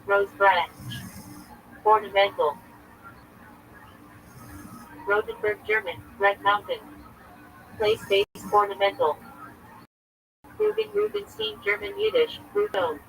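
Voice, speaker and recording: A man's voice: high voice, big pitch swings, a little slow, creaky, pauses often, fairly bright tone, slight background noise, low-quality recording. A man, a rabbi, reading from a list on a livestream in short clipped fragments. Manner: clipped fragments, terse and listing.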